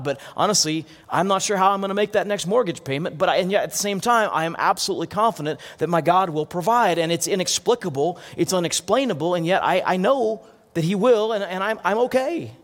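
A man preaching a sermon as pastor, earnest, often restarting and repeating words. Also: high-pitched. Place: church hall. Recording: long hall reverb.

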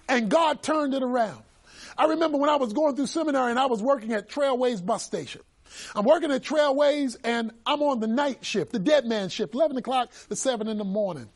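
Animated male preacher, very high and expressive voice, storytelling sermon with bursts of shouting. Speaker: pastor.

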